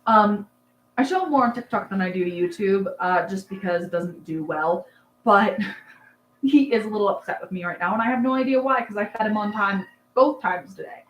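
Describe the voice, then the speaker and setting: A woman's voice: medium pitch, moderate pace, a little hiss or hum. Chatty woman in an echoey room. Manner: rambling, chatty, many fillers. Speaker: livestream host, rabbit breeder. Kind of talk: casual livestream chat reading comments. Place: dark barn at night.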